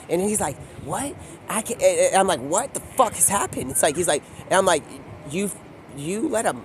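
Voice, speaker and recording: A man's voice: high-pitched, animated, normal speed, slight background noise. A man telling a rambling, drifting story, often quoting people in put-on voices. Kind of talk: rambling stream-of-consciousness storytelling. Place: outdoors by a street.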